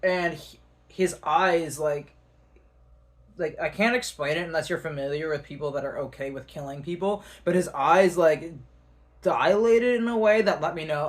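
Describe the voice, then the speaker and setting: A man telling a story to the camera in an animated way. He uses lots of fillers and swears now and then. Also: fairly high pitch, normal speed. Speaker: vlogger.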